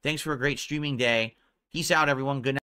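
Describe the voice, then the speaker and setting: A man's voice: mid-range voice, fairly even intonation, quick pace, pushed and bright, clean tone. A male streamer on a live stream, earnestly thanking his viewers for tips as he wraps up. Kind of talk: live stream sign-off talk.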